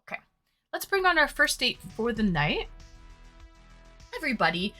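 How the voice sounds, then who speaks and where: Soft music plays behind a woman with a fairly high pitch who talks at normal speed, very animated, pushed and bright. She hosts online dates on a casual livestream from Massachusetts, accent included, using a webcam mic. Chatty, she reads chat aloud and eats between words.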